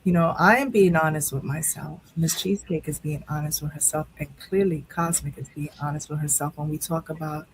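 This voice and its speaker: A woman's voice: deep voice, steady tone, brisk, hardly any pauses, slight background noise, low-quality recording. A woman hosting a live talk show, speaking candidly and emotionally about grief, rambling with many restarts. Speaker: show host.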